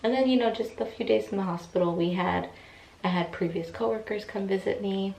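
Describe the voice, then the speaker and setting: A woman's voice: mid-range voice, a little fast, vocal fry, darkish tone, recorded from a distance. A young woman telling a personal story in a casual, chatty way, with many fillers and acted-out quotes. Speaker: vlogger. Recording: echoey room, voice from off mic, faint ambience.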